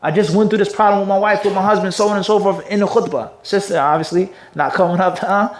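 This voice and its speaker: High-voiced man teaching a religious lecture. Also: steady tone, a little hiss or hum. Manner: call-and-response teaching with rhetorical questions the class answers; reads passages in Arabic at a rapid clip. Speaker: mufti teaching a hadith class.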